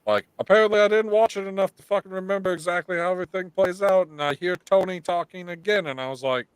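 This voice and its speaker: Foul-mouthed, animated man in a dry room. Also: sits high, quick pace, clear, resonant tone, no room sound. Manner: animated storytelling, heavy swearing. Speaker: podcast host. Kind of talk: casual live podcast chat.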